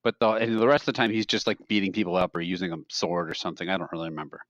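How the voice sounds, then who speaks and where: A man's voice: deep voice, steady tone, rapid-fire, a bit bright, dry recording. A man co-hosting a podcast, rambling through casual funny stories and often laughing at them. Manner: rambling storyteller who laughs at his own stories. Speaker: podcast co-host. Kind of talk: casual chat. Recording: dry, slightly dull podcast mic.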